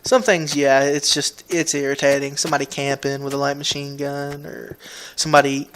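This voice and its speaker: A gaming video host with a Southern US drawl chats casually at a moderate pace in a slightly high, fairly bright voice, rambling and restarting sentences in a flat, laid-back way. A faint hiss runs under the recording.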